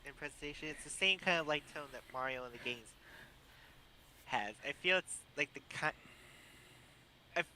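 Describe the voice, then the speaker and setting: A man's voice: a little high, moderate pace, long pauses, bright, forceful tone, a little hiss or hum, poor audio. A man co-hosting a casual podcast chat, rambling and opinionated with lots of fillers. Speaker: podcast co-host.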